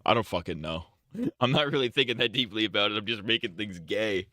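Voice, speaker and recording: A man's voice: on the low side, brisk, bright, forceful tone, dry recording, studio quality. A young man on a live stream, casually drafting crude parody lyrics, muttering to himself and half-singing lines.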